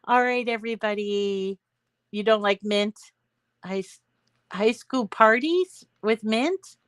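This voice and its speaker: A woman's voice: mid-range voice, slow pace, clear, resonant tone, no room sound. A middle-aged woman, chatting casually with live viewers as a craft show host, rambling and reading out comments.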